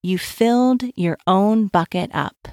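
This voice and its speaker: A woman gently telling a guided story to young children and asking them questions as she goes. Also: medium pitch, slow, dry recording, clean studio sound, faint music behind. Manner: gentle, asks the listener questions.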